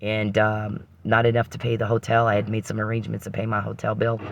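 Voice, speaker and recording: A man with a low, gravelly voice, rambling through a personal story on his podcast. He restarts his sentences often and drifts into religious reflection, and a faint hiss sits under the recording. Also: completely flat delivery, quick pace, hardly any pauses.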